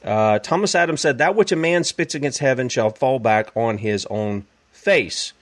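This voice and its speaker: A man's voice: medium pitch, normal speed. A man with a Southern US accent hosting a talk show, speaking in a folksy, conversational way and plugging a product. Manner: folksy, conversational, frequent fillers. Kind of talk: casual radio-style commentary with product plug.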